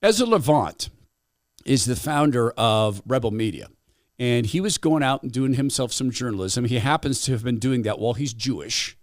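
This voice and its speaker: Animated middle-aged male talk host. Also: mid-range voice, normal speed, no echo, clean studio sound. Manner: animated, conversational, with asides. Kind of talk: storytelling commentary.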